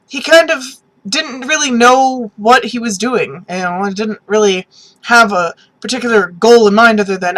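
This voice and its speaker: A woman giving a casual, animated spoken review of a TV episode, with lots of "um"s and restarts, sometimes acting out characters' reactions. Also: fairly high pitch, unhurried, rough recording. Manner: animated, many ums and restarts, acts out reactions.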